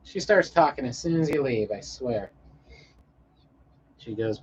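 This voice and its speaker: A man's voice: medium pitch, animated, unhurried, muffled recording, a little hiss or hum. A man chatting casually on a live stream, rambling and swearing in an easygoing way.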